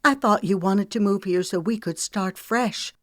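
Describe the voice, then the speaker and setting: A woman's voice: medium pitch, measured pace, no room sound, studio quality, voice pushed up, close to an everyday voice. A woman voicing a hurt, fiery young red-haired woman in an audiobook reading, speaking in a raised, heated tone. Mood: angry, tearful.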